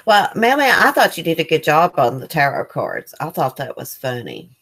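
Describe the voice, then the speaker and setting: Woman, low voice, easygoing live-chat host, reads comments aloud. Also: big pitch swings, normal speed, fairly bright tone, slightly rough. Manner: loose, rambling with fillers. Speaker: livestream host.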